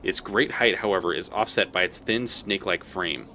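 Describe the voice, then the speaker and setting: A man's voice: low voice, normal speed, pushed and bright, slight background noise. A man streaming a game live, reading its text aloud and reacting with exclamations.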